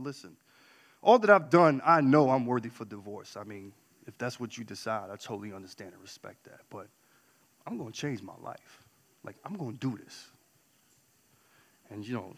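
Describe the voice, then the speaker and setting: A man's voice: medium pitch, long reverb tail. Earnest man telling his testimony. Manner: earnest, swings from hushed to loud and excited. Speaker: church member sharing his testimony. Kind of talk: personal faith testimony, storytelling.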